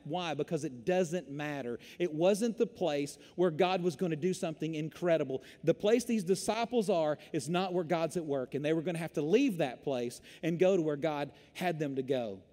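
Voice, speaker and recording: A man preaching a sermon as pastor, telling stories in an animated way. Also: fairly high pitch. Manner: animated storytelling preacher, Southern "y'all". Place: church sanctuary. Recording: long hall reverb.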